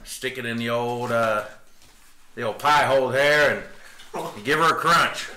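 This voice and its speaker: A man's voice: mid-range voice, measured pace, bright, forceful tone, echoey room. A man putting on the voice of a folksy, hearty old-time cowboy who talks in rustic slang. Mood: hammy.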